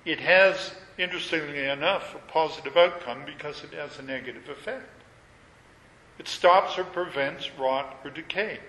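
Bright-voiced preacher in an echoing hall. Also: male voice, a little high. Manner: measured, emphatic preaching with repetition. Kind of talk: sermon. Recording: echoey hall with long reverb.

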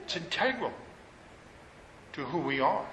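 A man preaching a sermon, reading scripture aloud and rising to emphatic, high-pitched peaks on key phrases. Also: expressive, a little slow, sharp tone, slight background noise. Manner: reads scripture in King James wording, builds to emphatic high peaks. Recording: echoey hall with long reverb, faint ambience.

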